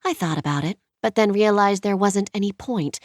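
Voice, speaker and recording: Brief: sarcastic professional woman, quick tart comebacks, voiced by the female narrator. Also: mid-range voice, no echo, studio quality, lightly acted. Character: sharp-tongued young professional woman.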